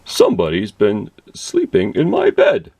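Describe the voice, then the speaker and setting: A man voicing a big storybook bear in a slow, pondering, gruff voice. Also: on the low side, wildly swooping pitch, darkish tone, no echo, full character voice. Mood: puzzled.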